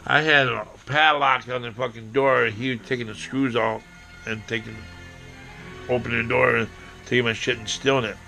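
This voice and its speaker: Man, rambling profane storyteller, gravelly, sharp tone. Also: mid-range voice, fairly even intonation, normal speed, faint music behind. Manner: rambling, profane, acts out quotes, bursts into shouting. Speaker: vlogger telling a personal story.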